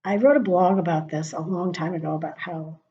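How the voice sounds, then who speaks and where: A middle-aged woman vlogger rants about politics in a fairly low, slightly quick voice, chatty and profane, often slipping into muttered asides. The lo-fi recording sounds dull and carries a faint hiss or hum.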